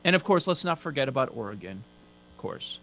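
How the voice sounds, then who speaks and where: A man co-hosting a sports podcast, asking questions in a relaxed conversational way. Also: mid-range voice, fairly quick, rough recording. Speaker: podcast co-host. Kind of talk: casual sports chat.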